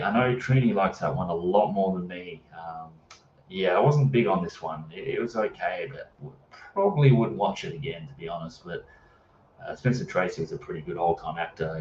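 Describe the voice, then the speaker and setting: A very deep-voiced man rambles casually about films he watched, pausing often with fillers. He sits away from the mic in an echoey room, and the sound is dull with a faint hiss. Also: lively intonation, darkish tone, distant mic. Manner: rambling, many fillers, reads live chat. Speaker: livestream host. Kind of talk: casual movie chat.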